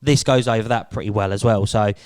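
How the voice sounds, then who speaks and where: A man co-hosting a casual podcast, relaxed and teasing his friend. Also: on the low side, fairly quick, dry recording, clean studio sound. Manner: relaxed, teasing, laughs at the story. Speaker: podcast co-host.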